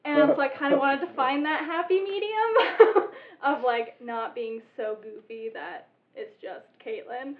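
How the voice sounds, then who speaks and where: A woman's voice: high-pitched, a little slow. Bubbly woman, tabletop player, loose chatty delivery, thin phone-like audio. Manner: giggly, chatty, lots of "like". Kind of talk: casual group chat about a campaign. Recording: tinny, phone-like sound.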